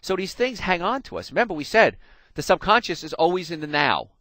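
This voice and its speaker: A high-sitting voice, a little fast, comes from a middle-aged New Jersey man with a subtle accent who hosts a radio health show. Through a studio mic with no echo, he tells folksy stories with animation and addresses his listeners head-on.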